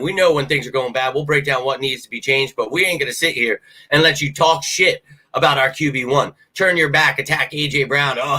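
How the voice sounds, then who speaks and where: A young adult man hosting a live sports fan show, ranting in a profane, animated, casual way to his viewers. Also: mid-range voice, slightly rough. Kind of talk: fired-up livestream fan talk.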